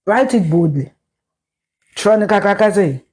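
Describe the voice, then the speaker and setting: Husky Ghanaian woman ranting loudly. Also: mid-range voice, lively intonation, normal speed. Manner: loud, profane, mixes in Twi. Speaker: social media personality. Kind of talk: ranting live video.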